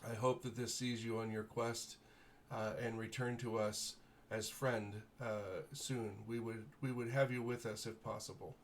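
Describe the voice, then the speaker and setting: A man's voice: fairly low pitch, flat delivery, measured pace, few pauses, a little hiss or hum. A man voicing a gracious noble baron who addresses heroes in formal, stately court speech. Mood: grateful, formal.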